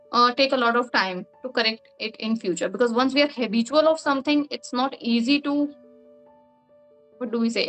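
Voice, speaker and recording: A woman with a high voice answers questions in a relaxed, chatty way. Her first language is Hindi, and she explains each point at length, often using "like" as a filler. Faint music plays under her speech. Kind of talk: casual interview answers.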